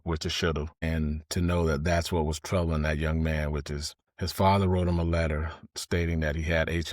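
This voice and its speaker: A man's voice: low-pitched, no room sound, clean studio sound. A man, telling a personal story in a candid, confessional, conversational way. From Georgia, US. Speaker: host, storyteller.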